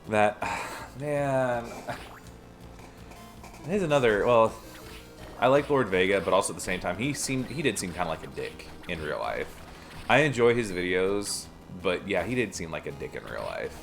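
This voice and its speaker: A man's voice: on the low side, sing-song, unhurried, creaky, long pauses, soft background music. A young man chatting casually while streaming a game, telling rambling stories and laughing often. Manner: rambling anecdotes, frequent laughter.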